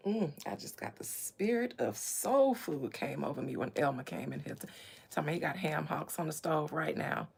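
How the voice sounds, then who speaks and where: Lively, gravelly-voiced woman reading tarot. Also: low-pitched. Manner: chatty, with quick asides to viewers. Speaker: tarot reader. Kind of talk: live-stream tarot reading.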